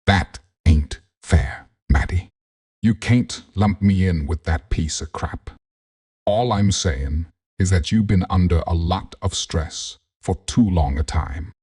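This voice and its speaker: A man plays a gruff, protective Southern cousin with a Southern accent. The voice is very deep and husky, and he speaks slowly. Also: darkish tone, full character voice. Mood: pleading.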